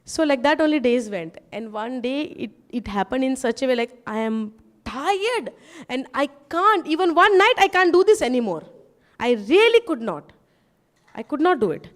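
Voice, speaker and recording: A woman, giving a sermon testimony to a congregation, often asking them "yes or no?" and dropping low and soft in her asides. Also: very animated, normal speed.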